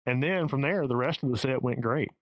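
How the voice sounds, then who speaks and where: A man's voice: mid-range voice, brisk, dry recording, poor audio. Candid Southern man with a dry sound. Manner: candid and profane, with frequent restarts. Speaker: stand-up comedian guest. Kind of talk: casual podcast interview. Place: home in the Pacific Northwest.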